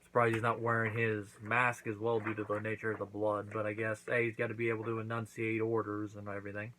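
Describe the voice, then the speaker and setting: A man's voice: on the low side, monotone, fast, a bit bright, slight background noise, rough recording. A man hosting his own channel, casually recapping and reviewing a wrestling event, acting out quotes as he goes. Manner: chatty recap with acted-out quotes.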